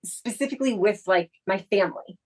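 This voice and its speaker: A woman's voice: mid-range voice, a little fast, rough recording. A woman co-hosting a podcast, telling a personal story in casual chat, reflective and full of the filler "like". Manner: reflective, leans heavily on the filler "like". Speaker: podcast co-host.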